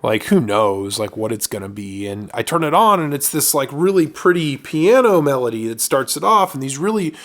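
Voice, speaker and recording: A man's voice: mid-range voice, sing-song, normal speed, few pauses, fairly bright tone. Agreeable male podcast co-host. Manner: agreeable, frequent backchannel replies, laughs easily. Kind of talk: casual music chat.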